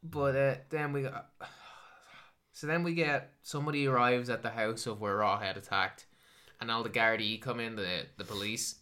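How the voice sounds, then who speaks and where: An Irish podcast co-host with a bright, forward voice, talking in a casual, animated way. The delivery is sweary and mocking as they riff on a film's scenes. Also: medium pitch, normal speed. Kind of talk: casual chat reviewing a film.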